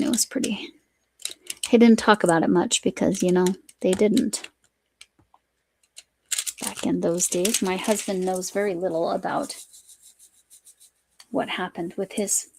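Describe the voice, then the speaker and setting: Hosting a craft live stream, a woman from the United States chats and rambles as she works, frequently stopping mid-sentence. She has a medium-pitched, creaky, darkish voice, with a little hiss or hum in the audio.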